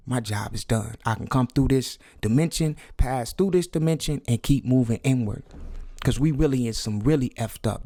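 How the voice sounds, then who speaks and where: A man's voice: medium pitch, no room sound, clean studio sound. A man talking to his viewers in a preachy, repetitive way, stumbling over words and urging them to wake up. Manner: preachy, repetitive, drops to hushed whisper for emphasis. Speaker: vlogger. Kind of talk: conspiracy talk video.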